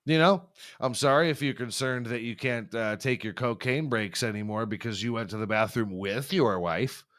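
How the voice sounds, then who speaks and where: A man's voice: medium pitch, normal speed, few pauses, a bit bright. A young man hosting a podcast, riffing through a crude comedic monologue and laughing at his own jokes. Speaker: podcast host.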